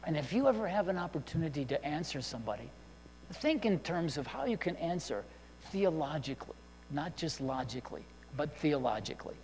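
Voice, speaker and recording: A man's voice: a little high, a little mellow. Man preaching with echoing hall reverb. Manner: conversational, checks in with listeners, frequent restarts. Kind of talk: sermon. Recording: long hall reverb with faint hum.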